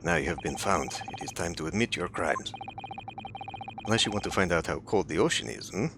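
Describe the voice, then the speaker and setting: A stern ship officer with a heavy put-on Russian accent, done by a man reading a game aloud. He talks low and slow, pressing his accusations. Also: expressive, background noise. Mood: accusing.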